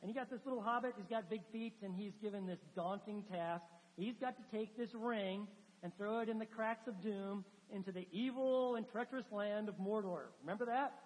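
A man preaching a sermon as pastor, telling a story with animated, conversational asides in a church. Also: sits high, fairly quick. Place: church sanctuary. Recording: long church reverb.

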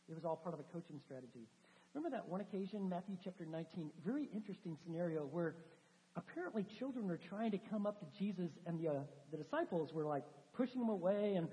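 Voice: mid-range voice, lively intonation, quick pace, mellow. A preacher giving a sermon, telling stories with animation and acting out quoted dialogue. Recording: dull sound with long hall reverb.

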